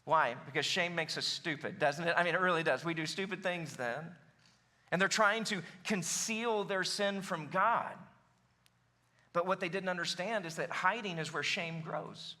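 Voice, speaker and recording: A male pastor delivering an animated sermon in a church. His voice sits high and sounds bright and forceful. He talks emphatically and speaks straight to his congregation. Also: normal speed. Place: church sanctuary.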